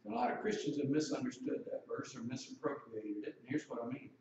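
A man's voice: medium pitch, sing-song, fairly quick, few pauses, darkish tone, recorded from a distance, highs cut off, a little hiss or hum. Preacher man in an echoey church. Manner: conversational, asks the congregation questions. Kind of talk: sermon.

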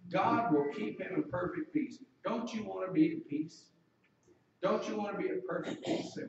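A man's voice: sits high, normal speed, vocal fry, darkish tone, very echoey, recorded from a distance, dull audio, slight background noise. A man preaching a sermon in a conversational way, asking the congregation questions.

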